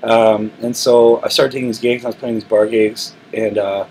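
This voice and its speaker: A man talks easily about his music, voice at a middle pitch, restarting his sentences as he goes. There is a faint hiss of room noise behind him. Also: moderate pace, rough recording. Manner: relaxed, rambling storytelling with frequent restarts. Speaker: musician, interview guest. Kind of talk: casual interview talk. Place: recording studio.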